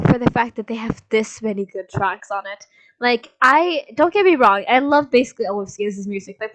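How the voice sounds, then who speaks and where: A woman hosting a reaction video, chatting casually and gushing with excitement, swearing now and then and rambling a bit. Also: fairly high pitch, rough recording. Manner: rambling with many fillers and restarts.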